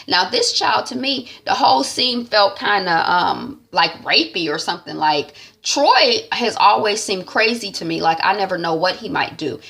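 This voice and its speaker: A woman's voice: on the low side, lively intonation, moderate pace, gravelly, fairly bright tone. A woman casually recapping a TV episode, rambling and chatty, with plenty of ums and you-knows. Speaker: TV recap vlogger.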